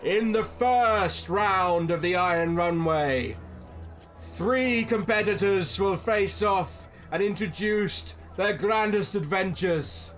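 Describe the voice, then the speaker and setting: Man doing a booming old gnome announcer. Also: fairly bright tone, faint music behind. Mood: grandiose. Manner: booming, drawn-out proclamations. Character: old bearded gnome announcer, grand and pompous.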